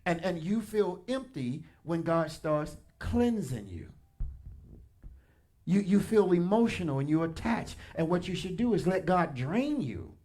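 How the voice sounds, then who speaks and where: A man pastor preaching a sermon in a church, animated and colloquial, addressing the congregation directly with punchy asides. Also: high-pitched, measured pace. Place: church sanctuary.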